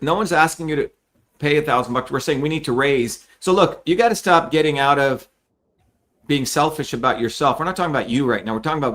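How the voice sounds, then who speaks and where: A middle-aged man hosting a live telethon, his voice sitting a little high for a man. He talks straight to his viewers in a blunt, emphatic pitch, swearing freely as he explains and urges. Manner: blunt, profane and emphatic, addressing viewers directly. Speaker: host of a live fundraising telethon.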